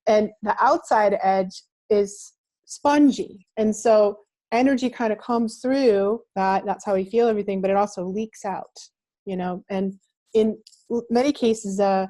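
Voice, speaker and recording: A woman's voice: mid-range voice, a little slow, warm tone. Earnest woman explaining with vivid images. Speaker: guest, reiki teacher. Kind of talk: explanatory interview talk.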